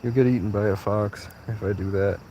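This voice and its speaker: A man's voice: fairly low pitch, steady tone, fairly quick, dark tone, slight background noise. A man livestreaming outdoors at night on a work break, chatting with a cat in a playful, teasing way full of crude jokes and mock-mystical talk, on a phone mic. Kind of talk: casual live stream, talking to a cat.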